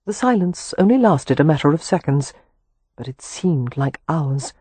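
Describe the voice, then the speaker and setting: A woman with a husky voice giving a measured, expressive audiobook narration of a historical romance. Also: low-pitched, dry recording. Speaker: audiobook reader.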